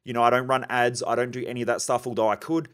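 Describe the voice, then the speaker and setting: A man's voice: medium pitch, level tone, racing, fairly bright tone. A man hosting a solo podcast, speaking in an emphatic coaching tone and acting out short example dialogues. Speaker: podcast host.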